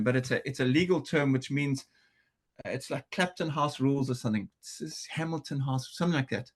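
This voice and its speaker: Earnest man from South Africa, mid-pitched. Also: fairly bright tone. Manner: earnest, restless, full of restarts and repeated words. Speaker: podcast guest. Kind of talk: conversational storytelling.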